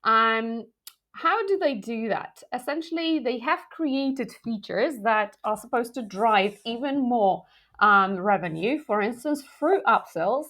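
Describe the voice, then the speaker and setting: Woman host, slightly high-pitched, conversational explainer delivery, playful asides. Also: slow pace. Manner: lively, conversational, frequent "um" fillers; self-aware asides with light humor. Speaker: product marketing video host. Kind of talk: explainer video talk to camera.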